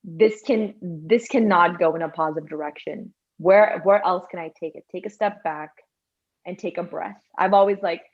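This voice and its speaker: A woman with a lowish voice chatting casually on a podcast, filling her talk with "like" and acting out little quoted scenes. The audio is dull and a bit lo-fi. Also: normal speed. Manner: chatty, says "like" a lot, acts out quotes. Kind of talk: casual chat.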